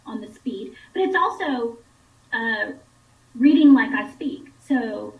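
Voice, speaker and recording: A woman's voice: on the high side, expressive, slow pace, echoey room, far from the mic, rough recording. A woman instructional coach patiently explaining reading skills to parents. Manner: patient, clear teacherly explaining.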